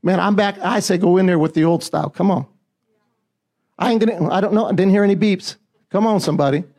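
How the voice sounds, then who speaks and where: A man preaching a sermon, reading scripture and urging the listeners on with repeated "come on" calls, often rising close to a shout. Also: sits high, fast. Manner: emphatic, call-and-response fillers, often rising to near-shouting.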